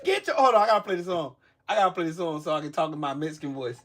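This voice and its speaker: A man doing an overdone voice of a cheerful male beer pitchman, sing-song and laughing. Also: sing-song, rapid-fire. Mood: mocking.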